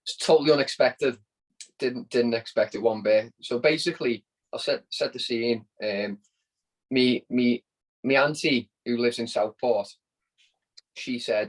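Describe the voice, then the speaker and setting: A man's voice: mid-range voice, measured pace, poor audio. Chatty Scouse man telling a story. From Liverpool, England. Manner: chatty, repeats words while telling a story. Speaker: podcast guest. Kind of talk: casual storytelling interview.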